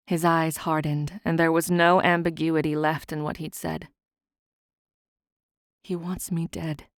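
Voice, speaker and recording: A woman narrating a fantasy audiobook in a measured, soft-spoken reading on a close studio mic. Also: low-pitched, smooth, no room sound.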